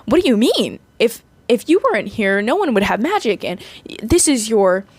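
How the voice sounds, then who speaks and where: A woman's voice: on the high side, big pitch swings, moderate pace, slightly rough, no room sound. Earnest young female fairy, eager and pleading, read by a woman in her own voice.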